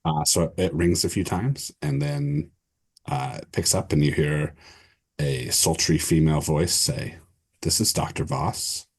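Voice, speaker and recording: A man's voice: extremely low pitch, a little slow, vocal fry, breathy edge. A man running a tabletop role-play as game master, describing scenes loosely with many fillers.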